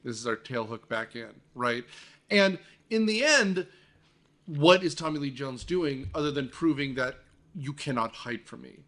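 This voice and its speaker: A man with a medium-pitched voice hosts a casual movie podcast, speaking unhurriedly. He recounts scenes with lots of energy, laughing as he goes and swearing now and then.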